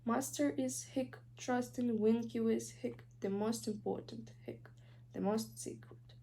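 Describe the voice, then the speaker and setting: A woman's voice: on the high side, fairly even intonation, measured pace, vocal fry, warm tone, slight background noise. Hiccuping drunk elf servant, as a woman reads her. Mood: drunk indignant. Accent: Ukrainian. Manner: hiccuping between words. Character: drunk tearful female house-elf servant.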